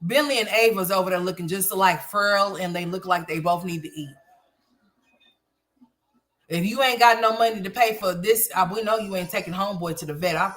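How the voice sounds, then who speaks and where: A woman's voice: medium pitch, a bit bright. A middle-aged woman giving blunt, emphatic, opinionated commentary from home. She often repeats herself and swears freely. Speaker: livestream commentary host.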